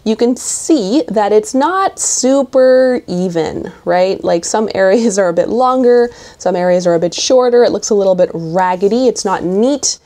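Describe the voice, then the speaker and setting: A woman's voice: medium pitch, lively intonation, normal speed, hardly any pauses, dark tone. A woman hosting a knitting tutorial, chatty and playful, adding little snipping sounds as she works.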